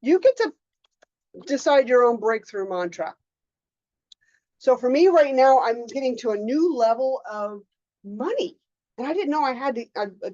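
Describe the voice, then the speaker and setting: A woman coaching a group in a casual lecture, animated, often acting out her own inner voices. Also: a little high, moderate pace, dry recording, highs cut off. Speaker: mindset coach.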